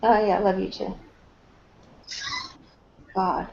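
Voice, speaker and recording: A woman's voice: mid-range voice, flat delivery, slow, creaky, dark tone. A woman hosting a casual voice chat, blunt and teasing with the others. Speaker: host. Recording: dull lo-fi online voice chat.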